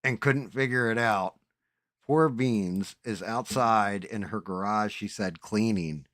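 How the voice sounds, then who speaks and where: Man, live stream host, casual rambling chat, swears freely, lowish voice, dry close sound. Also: slow pace, a bit bright, no room sound.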